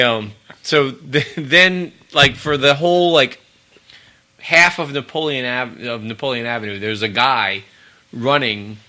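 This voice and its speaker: A man's voice: mid-range voice, sharp tone. A man co-hosting a podcast in casual chat, telling a rambling story with frequent laughs. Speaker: podcast co-host.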